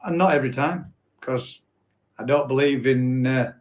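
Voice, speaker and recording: A man's voice: mid-range voice, moderate pace. A man hosting a casual live stream, chatting and reading out viewer comments in a rambling, self-correcting way. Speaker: host.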